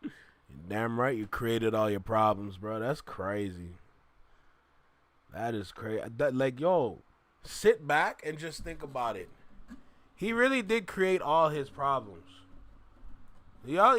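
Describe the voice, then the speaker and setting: A man's voice: a little high, very animated, unhurried, fairly bright tone. A man streaming a reaction video, commenting and talking straight to his live chat. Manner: repeats stock phrases, talks straight to chat.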